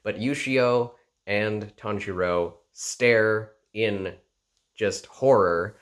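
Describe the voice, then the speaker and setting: A man with a lowish voice recaps an anime episode in a casual, animated way. He leans on "like" and "you know" as he talks through the plot. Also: drawn-out words. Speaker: anime reviewer.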